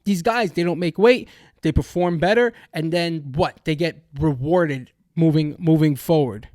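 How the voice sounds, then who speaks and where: A man's voice: fairly high pitch, unhurried, darkish tone, no room sound, clean studio sound. Fired-up young man ranting on a podcast. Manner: angry ranting, profane, many restarts. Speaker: podcast host. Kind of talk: heated sports-betting commentary.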